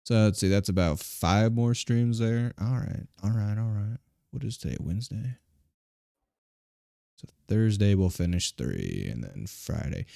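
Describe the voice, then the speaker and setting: A man's voice: on the low side, very animated, unhurried, vocal fry, mellow, dry recording, studio quality. A male streamer chatting casually and playfully as he wraps up a live game stream. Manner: rambling, playful.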